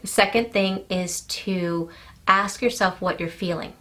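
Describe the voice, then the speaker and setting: A woman life coach calmly explaining steps to the viewer, often checking in with "okay". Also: mid-range voice, unhurried. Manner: calm, explanatory, addresses viewer directly with "okay". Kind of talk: coaching talk to camera.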